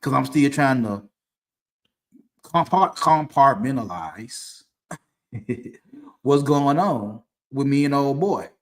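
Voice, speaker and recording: A man at a mid-pitched level talks in a relaxed, unscripted way, circling back and restarting his sentences as he goes. He speaks to camera from a dim room at home, telling his story as it comes to him. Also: slow pace, long pauses. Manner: loose, conversational, with frequent restarts and laughs. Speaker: podcast host. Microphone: streaming setup mic.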